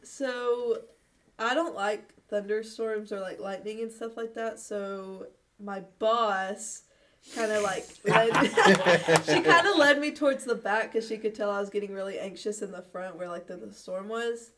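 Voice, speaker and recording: A woman's voice: medium pitch, unhurried, a bit bright, recorded from a distance. A young woman chatting casually as a guest, telling long stories with many fillers and frequent laughs. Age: young adult. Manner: rambling storyteller, laughs often. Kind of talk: casual chat.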